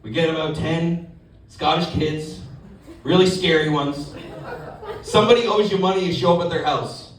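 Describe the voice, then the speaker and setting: A man performing a stand-up comedy set, telling animated stories and acting out voices. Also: on the high side, moderate pace, long pauses. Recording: echoey club, distant mic, audience laughter.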